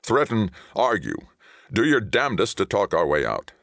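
A snappish, blame-shifting bureaucrat speaks through his teeth in a storybook reading, as a man voices him. His voice sits higher and louder than the narrator's deep own tone. The sound is dry and close. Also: huge pitch swings, moderate pace, creaky, no echo, full character voice. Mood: tight. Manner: tight, snarling. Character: snappish male bureaucrat blaming others.

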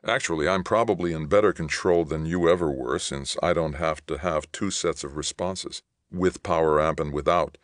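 A man's voice: rumbling low, moderate pace, hardly any pauses, no room sound, studio quality. A man voicing a friendly, patient young soldier back home, talking in a mild, easygoing way.

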